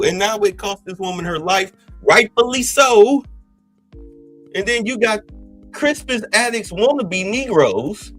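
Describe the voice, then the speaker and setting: A man's voice: high voice, animated, unhurried, fairly bright tone, faint music behind, rough recording. Agitated ranting male podcast host. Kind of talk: heated political commentary.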